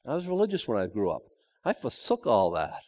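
A man's voice: medium pitch, huge pitch swings, brisk, darkish tone. A man preaching a verse-by-verse sermon in a conversational way, with joking asides and emphatic repetition. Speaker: pastor. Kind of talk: expository sermon.

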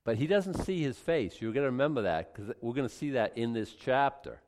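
A man's voice: mid-range voice, animated, fairly quick, a little mellow, big-room sound. A man teaching a Bible study in a casual, conversational way, reading scripture aloud then commenting with frequent restarts.

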